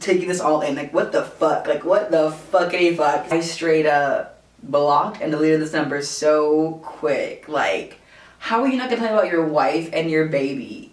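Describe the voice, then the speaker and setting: A young woman vlogger telling a casual storytime at home, animated and profane, with lots of filler words. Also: low voice, moderate pace. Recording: roomy, distant camera audio.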